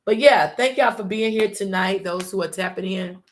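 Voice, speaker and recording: A woman host giving an informal motivational talk, repeating phrases and slowing down for emphasis. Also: medium pitch. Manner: informal, uses y'all and ain't.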